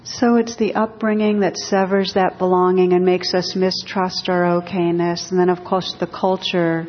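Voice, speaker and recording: A woman meditation teacher giving a dharma talk in a gentle, measured, reflective way. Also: lowish voice. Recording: dull recording in a reverberant hall.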